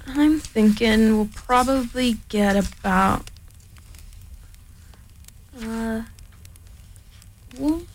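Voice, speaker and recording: A woman calmly reading a children's storybook aloud in a soft-spoken way, with relaxed chatty asides. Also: on the high side, poor audio. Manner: calm, unhurried, chatty asides. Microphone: headphones worn.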